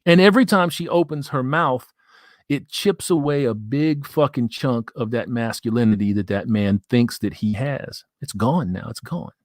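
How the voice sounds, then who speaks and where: A man's voice: mid-range voice, normal speed, no room sound, studio quality. A man hosting a live stream, reading viewer comments and ranting in crude, profane, mocking banter. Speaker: livestream host.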